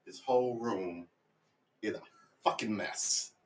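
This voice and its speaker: A man's voice: fairly low pitch, takes it slowly, slight background noise. A man chatting casually on a live stream while he practices guitar at home, rambling and mocking himself. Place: room at home.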